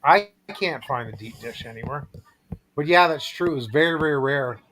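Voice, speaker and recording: A man in a casual chat, chiming in with short agreeing remarks and quick questions. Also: a little high, a bit bright, poor audio.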